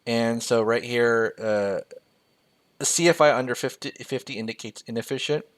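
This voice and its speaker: A US-raised man with a medium-pitched voice at normal speed mentors on personal finance in a screen-share spreadsheet tutorial. He's loose and jokey, reading each figure aloud as he types it in.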